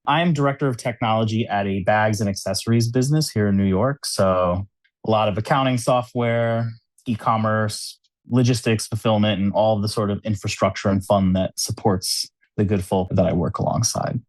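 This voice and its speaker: Lowish voiced guy chatting on a podcast, tons of fillers, dry close mic. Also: normal speed, no room sound. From United States. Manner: chatty, lots of "like" and "you know" fillers, laughs often. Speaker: podcast guest, cube designer. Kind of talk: casual conversational interview. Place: New York City.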